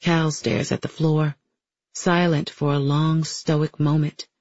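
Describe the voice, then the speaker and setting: A man giving a steady, measured first-person audiobook narration. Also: a little high, dry recording, muffled recording.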